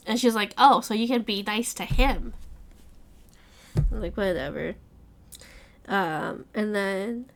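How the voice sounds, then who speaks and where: A woman with a mid-range voice runs an informal book club discussion. She goes over the plot in spirited retellings peppered with quoted dialogue and swear words.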